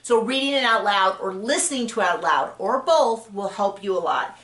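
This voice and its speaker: A woman's voice: medium pitch, lively intonation, moderate pace, a bit bright. A woman author giving casual writing advice, chatty and full of fillers and self-corrections. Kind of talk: casual advice talk to camera. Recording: roomy echo.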